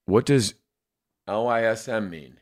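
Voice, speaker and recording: A man's voice: fairly low pitch, measured pace, over a noisy crowd. A man co-hosting a casual chat show, joking and teasing with crude quips. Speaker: podcast co-host.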